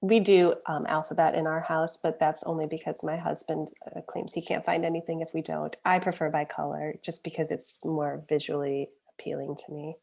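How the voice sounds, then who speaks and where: A woman's voice: low voice, little pitch movement, brisk, gravelly, hardly any pauses, a little mellow. Laughing woman on a group call. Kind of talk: casual group call chat.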